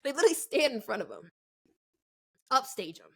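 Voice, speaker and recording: A woman in her twenties, co-hosting a podcast, telling a story in casual chat and acting out the people in it with quick changes of voice. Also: high-pitched, vocal fry, slightly rough. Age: 20s. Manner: animated, acts out quoted people, laughs often. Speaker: podcast co-host.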